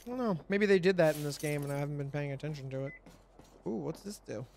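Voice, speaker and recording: A man's voice: fairly high pitch, fast talker, vocal fry, a little mellow, slight background noise. A man hosting a let's play, commenting on his game in a frustrated, profane, ranting way. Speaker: gaming channel host.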